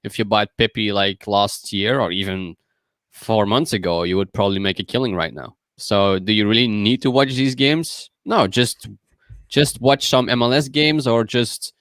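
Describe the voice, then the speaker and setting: Low-voiced man ranting on a podcast. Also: normal speed, a bit bright, no room sound. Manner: rambling, exasperated, lists names. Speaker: podcast co-host. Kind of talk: casual podcast chat.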